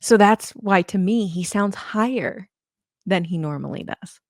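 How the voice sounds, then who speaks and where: An American woman co-hosting a podcast, chatting in a lively, talkative way and laughing often. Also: mid-range voice, measured pace, no room sound, clean studio sound. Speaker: podcast co-host. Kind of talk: casual chat.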